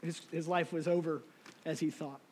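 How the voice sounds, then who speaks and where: High-voiced man preaching with swings in volume. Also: fairly even intonation, moderate pace, husky. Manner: emotional, swings from soft to shouting. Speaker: lay preacher. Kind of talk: sermon.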